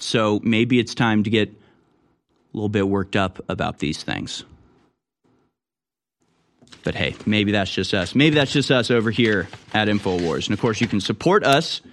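A man hosting a talk show, talking casually and sarcastically, building to heated rants. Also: fairly low pitch. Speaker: show host.

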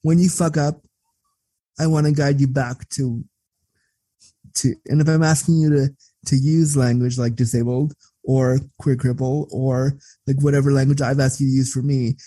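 Candid guest: outspoken, cursing man, husky and mellow, close dry sound. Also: mid-range voice, moderate pace, dry recording. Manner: blunt and profane, animated when telling stories. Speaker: interview guest. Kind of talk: candid conversational storytelling.

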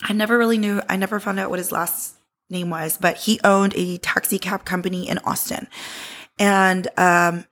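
A woman in her thirties tells a personal story on her podcast, blunt and unfiltered, with plenty of swearing. Her voice sits at an ordinary middle pitch but carries a strong gravelly fry. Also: fairly even intonation, moderate pace, a bit bright. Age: 30s. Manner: candid and blunt, swears freely. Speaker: podcast host. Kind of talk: casual storytelling.

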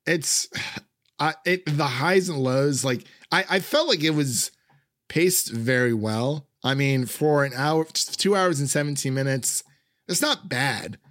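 A man's voice: fairly high pitch, unhurried, a bit bright, dry recording. Rambling man, dry close sound. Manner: rambling, frequent fillers, laughs often. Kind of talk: casual film review chat.

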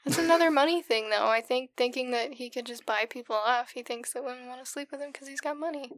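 A woman's voice: high voice, fast talker, fairly bright tone. A woman co-hosting a casual podcast chat, asking skeptical questions. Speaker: podcast co-host.

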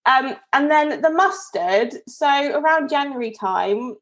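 A woman's voice: high-pitched, lively intonation, moderate pace. A woman from Devon co-hosting a podcast, telling a story in a chatty, casual way with lots of fillers and restarts. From Devon, England. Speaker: podcast co-host. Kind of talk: casual chat.

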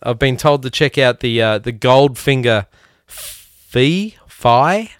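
A man's voice: mid-range voice, expressive, takes it slowly, smooth, no echo, clean studio sound. A man hosting a guitar podcast who talks in a loose, rambling, profane way and laughs at himself. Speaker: podcast host. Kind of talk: casual chat.

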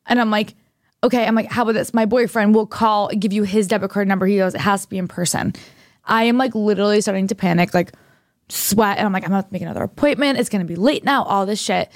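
Animated young woman telling a story. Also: medium pitch, quick pace, dry recording, clean studio sound. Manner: animated storytelling, acting out both sides of conversations. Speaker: podcast co-host. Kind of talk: casual chat.

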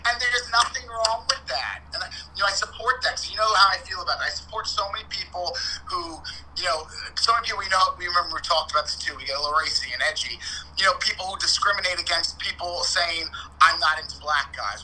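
Brash, animated man with a bright voice. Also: high voice, quick pace, a little hiss or hum, low-quality recording. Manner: animated, profane, blunt and theatrical. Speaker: podcast co-host. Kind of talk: casual chat.

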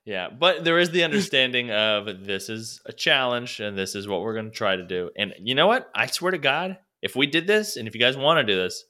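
A man's voice: mid-range voice, lively intonation, a little fast, hardly any pauses, pushed and bright. A man co-hosting a podcast in casual chat, laid-back and profane. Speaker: podcast co-host.

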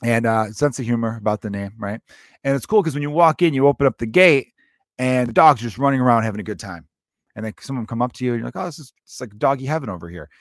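A man's voice: mid-range voice, quick pace, no room sound, studio quality. A man in his thirties hosting a comedy podcast, telling a loose, profane, jokey story.

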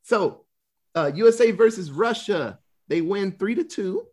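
Animated young man recapping a film, swearing freely. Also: high-pitched, measured pace. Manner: profane, laughing, acts out characters' lines. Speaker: podcast co-host recapping a film. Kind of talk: casual chat.

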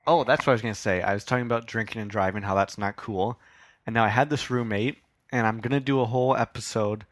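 A man's voice: fairly low pitch, a bit bright, dry recording, clean studio sound. A young man hosting a solo podcast in a casual, rambling, self-deprecating way, swearing now and then. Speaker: podcast host.

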